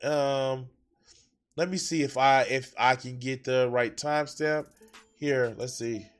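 A man's voice: medium pitch, steady tone, takes it slowly, smooth, soft background music. A man streaming and reacting to clips in casual, heated, profane chat, often laughing.

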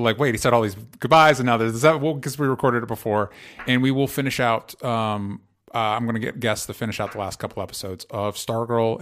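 Man, podcast host, earnest, halting, lots of ums, casual chat, young adult. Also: medium pitch.

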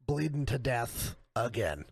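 A man's voice: mid-range voice, big pitch swings, unhurried, creaky, slightly rough, dry recording. A man co-hosting a podcast, chatting casually with lots of fillers and swearing. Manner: loose, filler-heavy, swearing. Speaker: podcast co-host. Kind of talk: casual chat.

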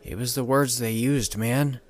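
A man's voice: steady tone, measured pace, natural voice. A man doing a spooked anxious young man. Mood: uneasy. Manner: uneasy, low-key.

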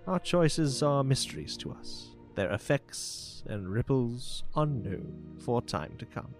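A man voicing a kindly, weathered old butler who speaks with gentle, formal courtesy over background music. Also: mid-range voice, lively intonation, takes it slowly.

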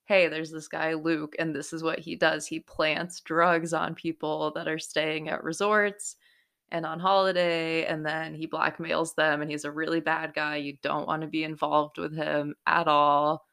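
A woman's voice: low voice, flat delivery, unhurried, vocal fry, a bit bright, heavily acted. A woman quoting a sweet, earnest young man who gives an urgent warning, in nearly her own voice.

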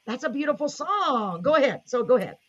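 A woman's voice: high voice, big pitch swings, brisk, breathy edge, highs cut off. Enthusiastic woman hosting a live show. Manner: gushing, enthusiastic, reads viewer comments aloud. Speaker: host. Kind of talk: live online show chat.

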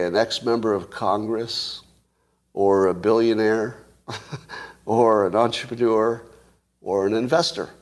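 A man hosting a casual solo commentary, musing aloud, asking rhetorical questions and chuckling to himself. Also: mid-range voice. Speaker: show host commentator.

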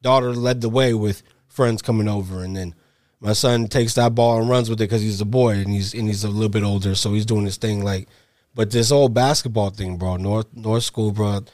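A man's voice: fairly low pitch, fairly even intonation, moderate pace, a little mellow, no room sound, clean studio sound. A middle-aged man co-hosting a podcast, chatting casually and profanely in long rambling stretches. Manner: profane, rambling, acts out voices. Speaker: podcast co-host.

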